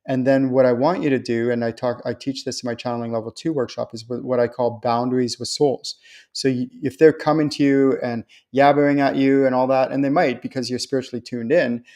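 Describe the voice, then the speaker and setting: A man hosts a live stream in a chatty, reassuring way. His voice sits at an ordinary middle pitch. He often jumps up high to act out excited quotes from other people. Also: fairly quick. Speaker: host and spiritual channeler. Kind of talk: live-stream talk answering viewer questions.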